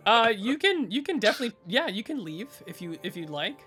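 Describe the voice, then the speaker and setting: A man's voice: high-pitched, sing-song, a little fast, sharp tone, soft background music. A man running a tabletop role-playing game as game master, narrating with lots of fillers and self-corrections.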